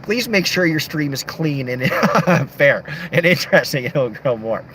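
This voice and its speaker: A man's voice: fairly high pitch, expressive, unhurried, fairly bright tone, a little hiss or hum. A young man livestreaming late at night, reading chat comments aloud and joking around. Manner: joking, playful, reads comments aloud in shifting voices.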